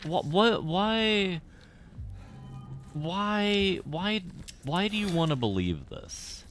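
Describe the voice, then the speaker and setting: A man's voice: high-pitched, sing-song, extremely slow, a bit bright. A young man streaming a game, rambling through casual commentary with profanity and tangents.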